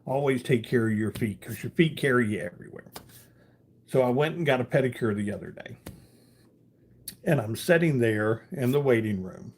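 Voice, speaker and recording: A man's voice: medium pitch, animated, normal speed, a little mellow. A man hosting a casual live stream, reading out viewer comments and telling a rambling story, with a lot of "you know" along the way.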